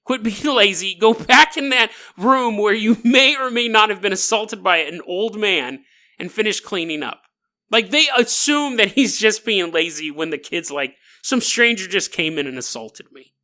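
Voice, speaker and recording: A man's voice: high-pitched, expressive, moderate pace, pushed and bright. A man hosting a comedic storytelling podcast, talking in a sarcastic, joking way and laughing often. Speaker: podcast host.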